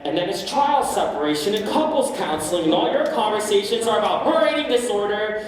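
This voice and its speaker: Woman cast as a confiding middle-aged theater buff, mid-pitched voice, distant roomy stage recording. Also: expressive, a little fast, crowd noise, natural voice. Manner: confiding, wistful, talks straight to the audience. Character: lonely middle-aged male theater fan narrating. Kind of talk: amateur stage musical performance.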